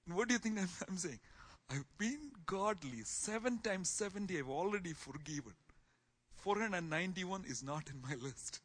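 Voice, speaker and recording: A man teaching a Bible class in sermon style, swinging from soft asides to loud exclamations. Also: high voice, expressive, moderate pace, slightly rough.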